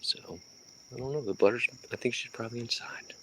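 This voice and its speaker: A woman hosting a casual livestream from home, chatting in a relaxed way and sometimes dropping to a whisper. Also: very deep voice, a little fast, slight background noise. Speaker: livestream host. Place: home bedroom.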